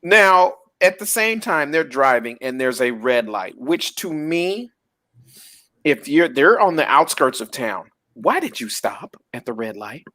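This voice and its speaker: Animated man with lively swooping pitch. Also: a little slow. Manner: animated, laughing, exasperated retelling. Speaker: podcast host. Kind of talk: casual TV recap chat.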